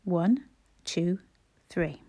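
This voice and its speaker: A woman voicing a gruff, rustic farm bailiff in a storybook reading, slow and commanding. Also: lowish voice, expressive, mellow, heavily acted. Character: country farm bailiff, gruff older man.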